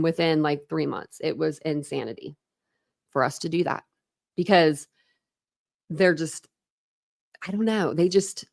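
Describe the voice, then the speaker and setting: A woman's voice: fairly low pitch, dry recording. Chatty woman rambling on a dry livestream. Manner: rambling, chatty, laughs often. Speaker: true crime livestream host. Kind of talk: casual livestream chat greeting viewers.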